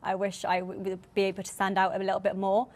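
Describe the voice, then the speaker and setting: A woman's voice: mid-range voice, monotone, quick pace, a little mellow. A young woman with a light Welsh accent speaking earnestly in an interview. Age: young adult.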